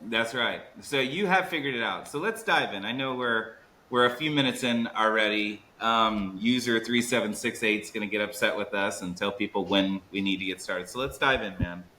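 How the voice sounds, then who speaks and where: An upbeat man hosts a podcast, building excitement and leaning hard on key words. His voice is bright and forceful. The room around him rings with echo. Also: lowish voice, slight background noise. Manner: upbeat, hype-building, drawn-out emphasis. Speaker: podcast host. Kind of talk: energetic podcast chat.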